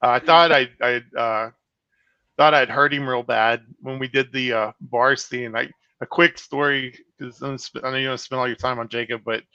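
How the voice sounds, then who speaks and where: A horror film director, appearing as a guest on a video call, tells casual, profane anecdotes in an animated way, swearing freely and using plenty of fillers. His voice is medium-pitched at a moderate pace, and the dry recording has dull, muffled call audio.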